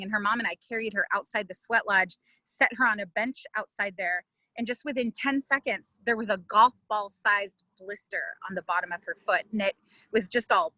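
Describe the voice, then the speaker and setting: A woman's voice: on the high side, dry recording, rough recording. A middle-aged woman, an ethnobotanist, leading a virtual plant walk in a casual, conversational way, telling stories with frequent fillers. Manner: conversational, many fillers, warm storytelling pace. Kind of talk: casual teaching and storytelling.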